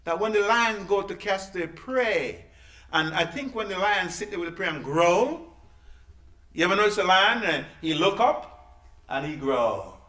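A man preaching in a church, his voice bright and a little high for a man. His delivery leaps about, rising to loud peaks and dropping to quiet asides. The room around him is echoey. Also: measured pace. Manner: lively, folksy preaching with sudden loud peaks and hushed asides. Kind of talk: sermon.

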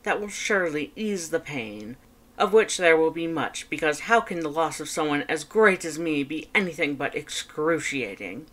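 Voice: mid-range voice, animated, normal speed, a bit bright, voice pushed up. A fan fiction reader voicing a boastful, self-important young man who speaks grandly and theatrically. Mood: grandiose. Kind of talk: fan fiction audiobook reading.

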